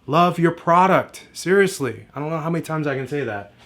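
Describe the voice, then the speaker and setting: A man's voice: on the high side, lively intonation, a little fast, a bit bright. A man giving a direct-to-camera marketing lesson, emphatic and repetitive in a motivational way. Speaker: marketing coach.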